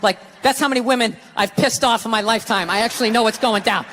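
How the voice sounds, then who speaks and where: A man's voice: very high voice, fast, sharp tone, slight background noise. A middle-aged man doing stand-up, telling a story in an exasperated, profane rant full of "right?" asides. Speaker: stand-up comedian. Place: comedy stage before a live audience. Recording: live stage with hall reverb. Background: audience laughter.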